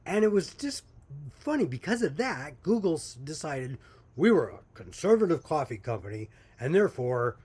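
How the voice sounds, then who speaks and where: Speaking casually to camera, this small coffee company owner shares his story folksily and chattily, laughing now and then as he goes. His husky, darkish voice pitches fairly high with big swings, and he keeps a moderate pace.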